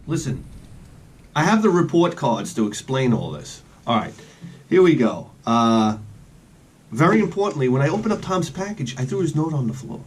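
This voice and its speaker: A man talks in a loose, rambling vlog style, drifting from one joking aside to the next. His voice has a slightly husky edge. His pitch moves a lot as he talks. He is recording outdoors. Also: very animated, moderate pace. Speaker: collector vlogger.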